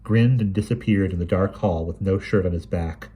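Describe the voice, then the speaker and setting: A man reading a short story aloud in a measured, expressive way. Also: sits low, slightly rough. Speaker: reader.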